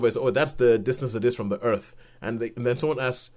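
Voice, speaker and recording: A man co-hosting a podcast, reviewing a film in casual chat and retelling scenes with lively quoted voices. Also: mid-range voice, a little fast. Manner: animated retelling with acted-out quotes and laughs.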